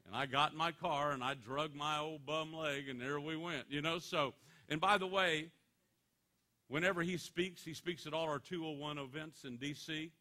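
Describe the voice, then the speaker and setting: Bright-voiced animated male motivational speaker. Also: a little high, normal speed. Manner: animated joking storytelling. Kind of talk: motivational speech to students.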